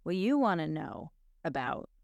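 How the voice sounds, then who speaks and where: A woman co-hosting a podcast in casual chat, encouraging and quick to back up her partner. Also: low voice, very animated, vocal fry, no echo, muffled recording. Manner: encouraging and supportive, quick to affirm. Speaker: podcast co-host.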